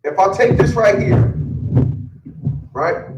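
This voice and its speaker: A man's voice: high voice, expressive, takes it slowly, roomy sound, distant mic, heavy background noise. A man giving blunt, boastful relationship advice in a casual, profane rant, often repeating words as he gets worked up. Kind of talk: casual ranting monologue.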